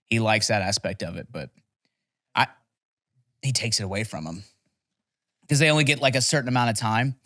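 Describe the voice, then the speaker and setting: A man's voice: on the low side, brisk, long pauses, sharp tone, no room sound, studio quality. A young man telling rambling, profane stories in a casual podcast chat. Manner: rambling, profane storytelling with laughs. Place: podcast studio.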